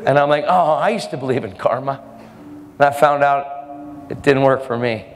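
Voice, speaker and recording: Animated man preaching in a reverberant hall. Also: normal speed, a little hiss or hum. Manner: animated, acts out quoted people with jumps in pitch. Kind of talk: storytelling sermon. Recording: long hall reverb, faint music.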